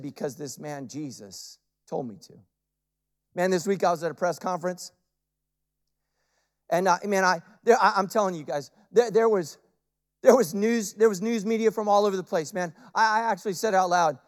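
A male pastor preaching a sermon, animated and humorous, swinging from loud bursts to quiet, intense asides. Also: high voice.

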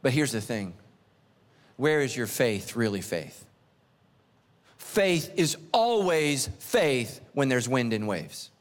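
A middle-aged man preaching a sermon, telling stories with lively, animated delivery and acting out voices. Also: slow pace, long pauses. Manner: animated storytelling, acts out voices, big pitch swings. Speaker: pastor. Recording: long reverb of a large hall.

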